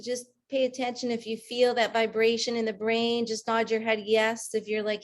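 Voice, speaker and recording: Calm woman guiding breathing over a call. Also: on the high side. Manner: slow, calm counting of breaths with pauses. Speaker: breathwork and meditation coach. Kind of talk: guided breathing and meditation session. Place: online video call.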